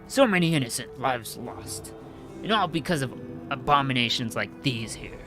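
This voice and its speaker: A man's voice: mid-range voice, expressive, moderate pace, over music, natural voice. A man voicing a ruthless, fanatical male crusader who is secretly a traitor, bellowing and gloating as he reads the game's lines aloud. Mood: zealous.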